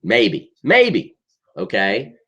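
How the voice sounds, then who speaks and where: A man's voice: on the low side, huge pitch swings, extremely slow, a bit bright, husky, highs cut off. A middle-aged man giving an exasperated, emphatic football rant, often tagging sentences with "okay?". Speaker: sports commentator.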